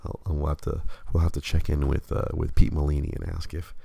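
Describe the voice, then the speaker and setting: A man's voice: a bass voice, little pitch movement, brisk, creaky, dark tone, slightly rough, dry recording. A man hosting a show, chatting casually and rambling with many stammered restarts. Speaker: podcast host. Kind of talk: casual chat.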